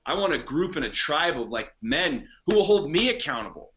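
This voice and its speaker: Blunt, profane man with a bright voice. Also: a little high, big pitch swings, fairly quick, highs cut off, a little hiss or hum. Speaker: podcast guest, coach. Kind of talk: casual conversation.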